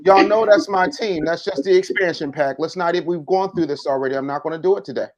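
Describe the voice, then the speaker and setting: A man in a casual sports debate, playful and quick to laugh. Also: fairly high pitch, highs cut off. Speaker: sports panelist.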